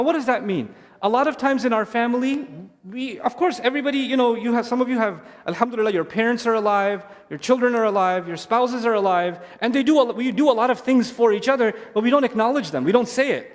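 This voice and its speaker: Man speaking on stage, hall echo. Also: high-pitched. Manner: animated storytelling, repeats key phrases. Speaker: speaker at a family event. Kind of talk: lively stage talk to parents. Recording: long hall reverb.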